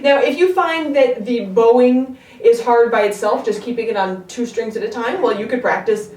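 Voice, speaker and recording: A woman giving a step-by-step music lesson, patient, often pausing to check that the learner is following. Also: on the high side. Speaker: string teacher. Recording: echoey room, distant mic. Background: her own instrument playing between phrases.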